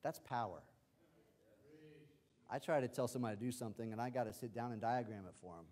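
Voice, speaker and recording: A male pastor preaching a livestreamed sermon, moving between quiet explanation and loud, excited exclamations of hallelujah. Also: mid-range voice, quick pace.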